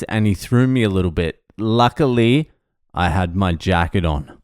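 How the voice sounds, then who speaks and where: Aussie guy rambling a sweary story, smooth voice, dry close sound. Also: deep voice, animated, moderate pace, darkish tone, no room sound. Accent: Australian. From Australia. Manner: sweary, self-mocking anecdote with laughs. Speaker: vlogger. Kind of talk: casual storytelling.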